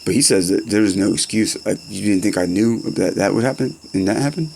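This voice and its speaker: A man's voice: fairly low pitch, a little fast, vocal fry, a little mellow, slight background noise. A young man in rambling, profane comedy-skit banter, full of slang and back-and-forth.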